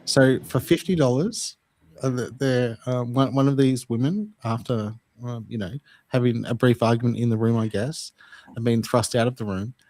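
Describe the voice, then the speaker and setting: A man with an Australian accent hosting a podcast, measured and storytelling as he steers the conversation. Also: medium pitch, darkish tone, no room sound. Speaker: podcast host. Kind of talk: casual chat.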